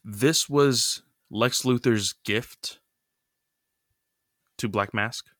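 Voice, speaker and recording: A man's voice: medium pitch, very slow, a bit bright, no room sound, studio quality. A man co-hosting a podcast, recapping a comic in loose casual chat full of fillers. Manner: loose, filler-heavy retelling with many "you know" and "like".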